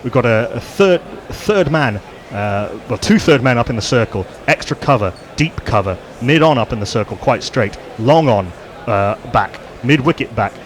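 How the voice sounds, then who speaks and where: A man giving live ball-by-ball cricket commentary on radio. He describes the field and each delivery in steady, descriptive play-by-play. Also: mid-range voice, moderate pace, a little hiss or hum. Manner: steady descriptive play-by-play, rising on big moments.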